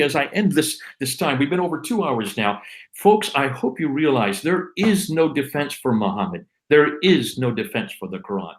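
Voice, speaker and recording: A man's voice: fairly high pitch, poor audio. Fervent man preaching in emphatic refrains. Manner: fervent, exhorting. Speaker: livestream co-host, Christian apologist. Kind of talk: impassioned preaching monologue.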